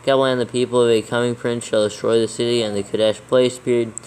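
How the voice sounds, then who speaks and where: A man reads a passage aloud at a careful, deliberate pace, naming each punctuation mark and capital letter as he goes. His voice stays level and flat throughout. A faint hiss of noise sits under the recording. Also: mid-range voice, poor audio. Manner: slow deliberate dictation. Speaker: proofreader dictating scripture. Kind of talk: reading text aloud with punctuation dictated.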